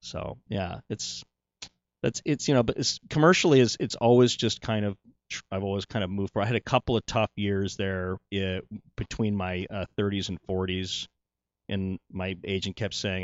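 Rambling middle-aged actor, lo-fi. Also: male voice, sits low, normal speed, no room sound. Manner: rambling, many restarts and "you know"s. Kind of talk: casual interview chat.

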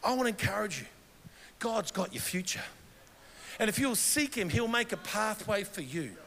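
A middle-aged Australian man preaching a sermon in a church, telling animated personal stories. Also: high-pitched, moderate pace, creaky, a little hiss or hum. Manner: animated storytelling, mimics his wife in quoted dialogue. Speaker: guest pastor. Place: large church hall. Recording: long hall reverb.

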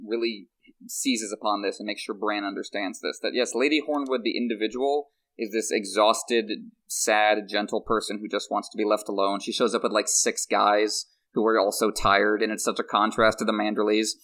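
A man co-hosting a podcast, talking through a book chapter in casual, animated analysis with frequent restarts. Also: fairly low pitch, moderate pace. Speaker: podcast co-host.

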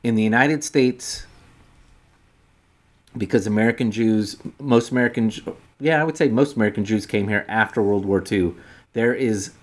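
A man's voice: fairly low pitch, normal speed. A man co-hosting a podcast in casual chat, explaining a point at length and restarting sentences as he thinks aloud. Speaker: podcast co-host.

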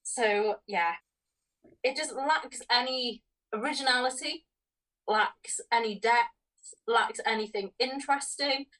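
A woman's voice: fairly high pitch, takes it slowly, fairly bright tone. A woman co-hosting a film podcast, dismissing a bad movie with wry, laughing criticism. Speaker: podcast co-host. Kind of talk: casual film review chat. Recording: voice distant from the mic.

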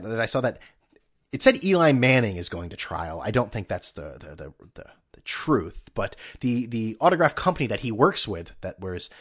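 Rambling sarcastic man podcasting. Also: mid-range voice. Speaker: podcast host. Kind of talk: casual solo podcast rant.

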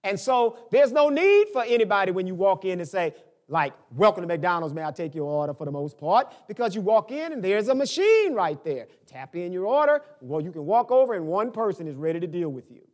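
An older man preaching a sermon, dropping into quiet asides and rising to emphatic peaks. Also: brisk. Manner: animated preaching, swinging from low asides to high emphatic peaks. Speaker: pastor.

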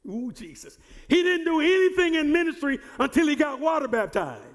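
A male pastor preaching a sermon who repeats and restarts words and builds to shouted emphasis. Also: extremely high pitch, very animated, a little fast, big-room sound. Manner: repeats words and stumbles on starts.

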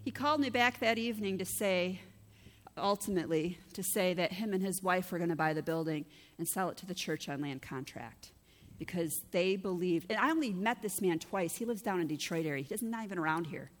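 A woman's voice: fairly low pitch, fairly quick. A middle-aged woman pastor, preaching a conversational, story-driven sermon and acting out the dialogue she quotes. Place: church hall. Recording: church hall reverb.

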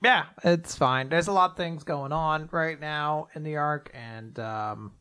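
A man co-hosting a casual manga discussion, retelling chapters loosely with profanity and quick character voices. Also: fairly high pitch, bright, forceful tone, clean tone. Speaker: podcast co-host. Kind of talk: casual manga recap chat.

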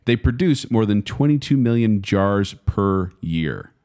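Co-host, male, low voice, dry delivery of trivia. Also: animated, unhurried, dark tone. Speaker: podcast co-host. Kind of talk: casual chat.

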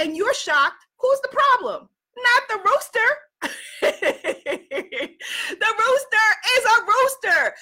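A woman from New York giving a casual motivational talk to a live audience, animated and laughing often, greeting viewers by name. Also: very high voice. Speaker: livestream host.

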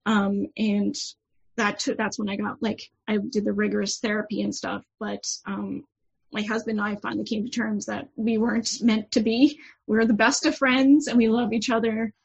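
Gravelly, husky woman telling her story. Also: medium pitch, little pitch movement. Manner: open, frank, halting with many fillers. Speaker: podcast guest. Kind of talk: candid personal storytelling. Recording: dull lo-fi audio.

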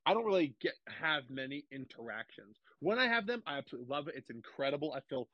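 A man's voice: a little high, very animated, quick pace, dry recording, lo-fi sound. A young man as an interview guest, talking eagerly and gushingly, repeating himself with lots of restarts. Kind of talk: casual interview chat.

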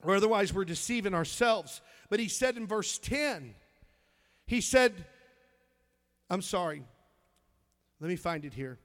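A man preaches with an emphatic, high voice, stumbling and restarting as he finds his verses. The church around him leaves a long reverb on every word. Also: animated, fairly bright tone. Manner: emphatic, reads scripture aloud with halting restarts. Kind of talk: sermon.

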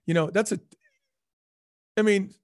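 A man speaking as a guest in a casual interview, telling stories with lively acted-out dialogue. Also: high-pitched, measured pace, dry recording, clean studio sound. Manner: animated storyteller, acts out quoted dialogue. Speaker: former restaurant chain CEO, guest.

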